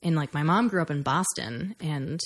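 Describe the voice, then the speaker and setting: A woman's voice: low voice, normal speed. A woman chatting casually, laughing often and filling her sentences with "like". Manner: laughs often, lots of filler likes. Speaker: conversation partner. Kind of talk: casual chat.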